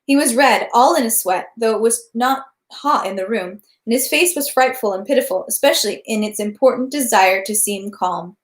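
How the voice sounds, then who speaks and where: A woman reading a novel aloud, steady with small slips and restarts. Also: on the high side, normal speed, few pauses, echoey room. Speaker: reader of a novel. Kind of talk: read-aloud narration.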